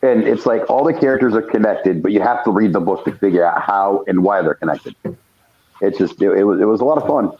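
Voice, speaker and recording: Deep-voiced laid-back man on a dull line. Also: brisk, slightly rough. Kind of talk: casual chat.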